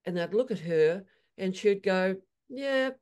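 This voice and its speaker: A woman equine therapist telling animated stories in an interview, acting out her horses' voices. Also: lowish voice, unhurried. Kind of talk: storytelling in an interview.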